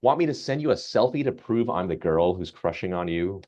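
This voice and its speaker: A man's voice: sits low, lively intonation, fairly quick, a little mellow, highs cut off. A man putting on a flirty female chatbot.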